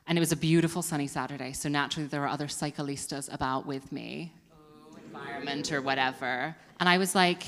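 A woman doing stand-up on a venue stage, her lower voice bright and forceful. She rambles, mocks herself and laughs at her own jokes, with a long reverb hanging behind her. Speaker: comedy show host. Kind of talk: stand-up comedy. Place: performance venue with live audience.

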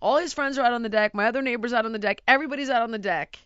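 A middle-aged woman telling a story in casual chat, animated and exasperated, acting out sounds and voices. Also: a little high, very fast, clean tone, dry recording, highs cut off.

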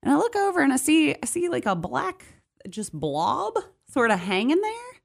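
A young adult woman co-hosting a podcast, telling a story in casual chat with animated delivery. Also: sits high, normal speed, gravelly. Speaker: podcast co-host.

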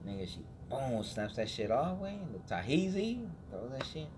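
A young man at mid pitch spins a long story for his friends. He repeats phrases and drops in Spanish words as he goes. Steady noise hums behind him. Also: moderate pace. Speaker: podcast co-host. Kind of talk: casual storytelling chat.

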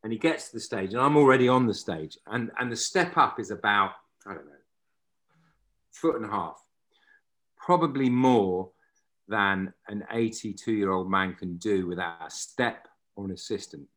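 Man telling a story, low voice. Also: normal speed. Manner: lively storyteller who swears freely. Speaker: actor and podcast guest. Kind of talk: casual anecdote telling.

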